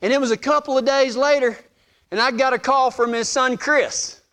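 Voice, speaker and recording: Animated, bright-voiced male preacher. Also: very high-pitched, moderate pace. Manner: animated, self-deprecating, acts out voices in stories. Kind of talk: sermon with humorous storytelling.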